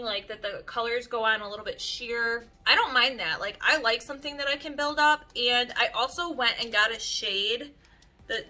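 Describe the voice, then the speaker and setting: A young woman beauty vlogger talking to camera in an animated, chatty way, leaning heavily on "like" as she tells stories. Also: a little high. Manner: animated, chatty, heavy use of "like". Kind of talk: casual storytelling chat to camera.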